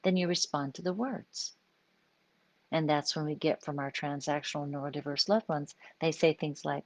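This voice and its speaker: Low-voiced woman explaining in a live stream. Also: fairly even intonation, moderate pace, no room sound. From US Pacific Northwest. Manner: conversational, explaining with frequent "right?" check-ins. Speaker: psychologist hosting a live stream. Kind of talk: informal live-stream talk.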